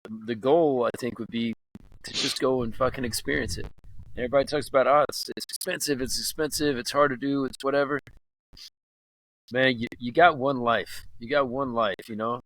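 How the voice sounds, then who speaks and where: A man's voice: medium pitch, fairly even intonation, normal speed, a bit bright, poor audio. Earnest, motivational podcast co-host man. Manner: earnest, motivational, swears for emphasis. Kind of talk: casual chat, show wrap-up.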